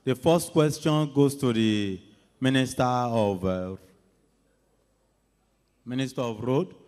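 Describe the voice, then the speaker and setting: A man's voice: mid-range voice, slow, a little mellow. Hesitant man asking from the floor. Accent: Nigerian English. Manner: hesitant, corrects himself. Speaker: audience member asking a question. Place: large conference hall. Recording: long hall reverb.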